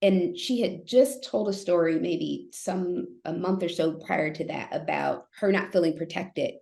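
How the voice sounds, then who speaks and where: A woman in her thirties, a therapist and guest, telling a story in an animated way, acting out what others said. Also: fairly low pitch, a little slow, vocal fry. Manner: animated, acts out quoted voices. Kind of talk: storytelling in a podcast interview. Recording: echoey room.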